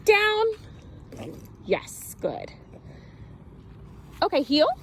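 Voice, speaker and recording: A woman dog trainer outdoors, explaining her method while walking a dog and calling out sharp commands. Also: fairly high pitch, very animated, normal speed, slight background noise. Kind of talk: instructional talk during dog training.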